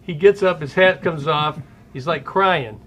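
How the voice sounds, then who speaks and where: A man in his sixties, a former ballplayer hosting an interview, telling lively stories from his playing days. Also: fairly high pitch, measured pace, a little hiss or hum. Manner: animated storyteller who acts out quotes. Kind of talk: storytelling interview chat.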